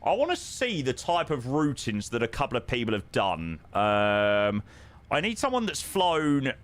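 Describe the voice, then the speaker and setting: A man's voice: medium pitch, huge pitch swings, unhurried. A man chatting casually on a live stream, answering viewers with plenty of ums and friendly "mate"s. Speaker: live streamer flying a flight simulator.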